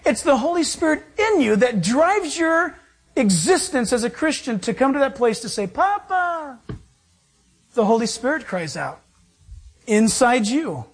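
A preacher delivering a sermon with emphatic swings from loud to hushed. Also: mid-range voice, very animated, moderate pace, breathy edge.

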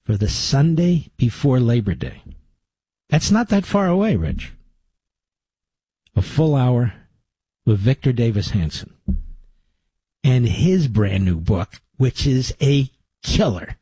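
A man's voice: medium pitch, sing-song, slow, pauses often, warm tone, breathy edge, dry recording. A middle-aged man hosting a talk radio show, delivering a combative, conversational monologue with sarcastic asides into a studio microphone.

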